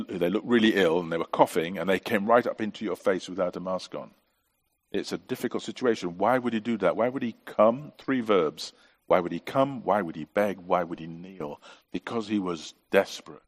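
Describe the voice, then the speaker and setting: Earnest man preaching, lower voice. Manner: earnest, asks many rhetorical questions. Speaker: pastor. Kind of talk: sermon.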